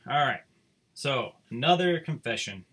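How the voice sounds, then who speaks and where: Male teacher, reading aloud to a class, expressive, lively pitch, bright tone. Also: unhurried, slightly rough. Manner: animated, expressive storytelling.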